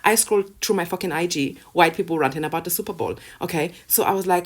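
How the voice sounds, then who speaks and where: A woman's voice: on the low side, fast, hardly any pauses. A woman vlogger ranting casually to camera, sarcastic and profane, with bursts of laughter between points.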